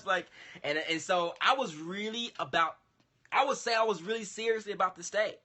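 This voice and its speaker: A man's voice: high voice, a little fast. A man casually telling a long story to a co-host, acting out the voices of the people in it. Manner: animated, acts out quoted dialogue.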